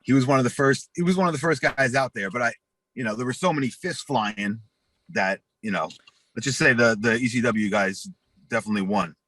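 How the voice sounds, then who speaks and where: A man's voice: mid-range voice, fairly quick, no room sound. A man being interviewed, telling a rowdy story full of swearing and acted-out quotes. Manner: profane, animated storyteller acting out quotes. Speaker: interview guest.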